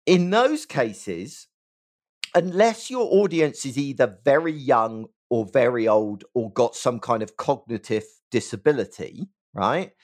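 Middle-aged man, West Country English accent, upbeat expert guest, very expressive intonation. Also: medium pitch, measured pace. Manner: animated, emphatic, peppers speech with "right?". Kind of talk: conversational interview.

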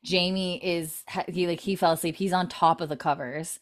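A woman's voice: fairly low pitch, moderate pace. A woman co-hosting a casual chat, animatedly retelling a TV scene with many fillers. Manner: animated storytelling, many "like" fillers, laughs often. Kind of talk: casual chat, recapping a TV episode.

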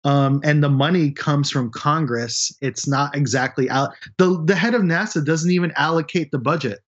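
A man's voice: fairly high pitch, normal speed, dull audio. A man working as a space journalist, talking bluntly and candidly in a casual podcast conversation.

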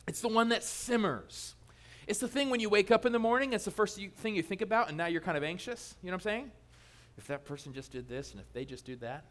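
A male pastor preaching a sermon in a lively, joking way, teasing his congregation. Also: high-pitched, fast.

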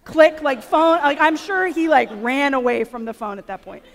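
A woman in her thirties, a Catholic speaker, telling stories in an animated, self-deprecating way to an audience. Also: high voice, moderate pace, a crowd in the background. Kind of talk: storytelling conference talk. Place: large auditorium. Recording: long hall reverb in an auditorium.

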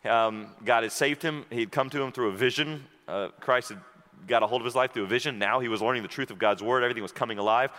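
A man preaching a sermon, telling a story and then moving into a quiet, intimate prayer. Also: mid-range voice, fast talker. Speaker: pastor. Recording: long hall reverb.

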